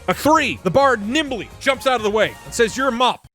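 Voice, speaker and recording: A man in his thirties running a comedic tabletop game as game master, narrating with animated jokes and the odd swear. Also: very high-pitched, moderate pace, faint music behind. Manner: animated, joking, swears freely.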